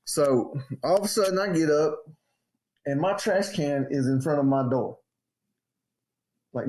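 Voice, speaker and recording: A man casually telling a story on a podcast and acting out the quotes in a raised voice. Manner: animated storyteller, acts out quotes in a high voice. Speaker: podcast co-host.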